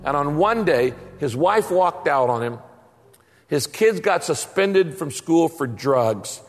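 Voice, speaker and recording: Animated storytelling pastor with reverb. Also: male voice, a little high, takes it slowly, soft background music. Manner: storytelling with comic timing. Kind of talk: sermon.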